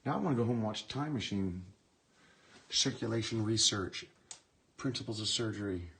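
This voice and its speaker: A man exploring an abandoned medical building and talking live to viewers on his phone, musing in a hushed, awed way as he reads book titles aloud. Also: fairly low pitch, moderate pace, creaky, rough recording. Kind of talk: rambling live-stream chat.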